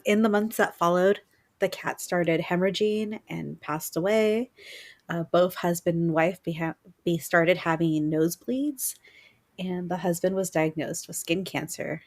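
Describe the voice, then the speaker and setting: A woman co-hosting a podcast, telling a spooky story in lively casual chat. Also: lowish voice, a little slow. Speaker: podcast co-host.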